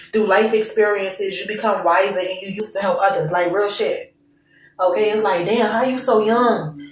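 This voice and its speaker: A woman's voice: fairly high pitch, reverberant, far from the mic, poor audio. A young woman giving a casual tarot reading to her viewers, candid and emotional, full of slang and swearing. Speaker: tarot reader.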